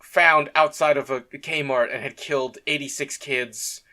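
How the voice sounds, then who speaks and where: Bright-voiced laid-back man. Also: medium pitch, fairly even intonation, measured pace. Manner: laid-back, laughs often, swears casually. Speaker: podcast co-host. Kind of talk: casual chat reviewing a comic chapter.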